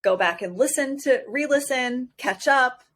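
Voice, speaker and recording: A woman's voice: sits high, lively intonation, unhurried, fairly bright tone. A woman co-hosting a podcast from Hawaii in a casual chat, bubbly and giggly with frequent exclamations. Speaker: podcast co-host.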